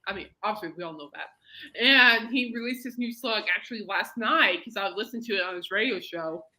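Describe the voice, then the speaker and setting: A woman's voice: mid-range voice, brisk, bright, forceful tone. A woman hosting a podcast, chatting casually and rambling through stories. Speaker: podcast host. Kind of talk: casual chat.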